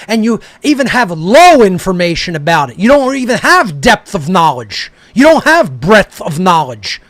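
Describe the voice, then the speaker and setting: A man with a notably high voice rants angrily as a talk show host, swearing freely and berating his audience. His delivery is heated and confrontational. The sound is close and dry, with no room around it. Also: fairly bright tone, no room sound. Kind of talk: angry ranting monologue.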